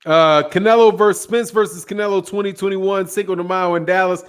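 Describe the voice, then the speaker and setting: A middle-aged man talks loosely in a fairly high voice, tired and yawning. His boxing chat rambles along, full of slang, restarts and self-corrections. He answers viewer comments in a casual livestream manner. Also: fairly even intonation, a little fast, clear, resonant tone. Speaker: boxing channel host.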